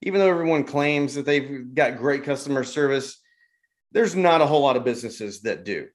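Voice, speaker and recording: A man's voice: mid-range voice, animated, a little fast. A man from the United States co-hosting a casual business chat, explaining his points steadily. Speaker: podcast co-host.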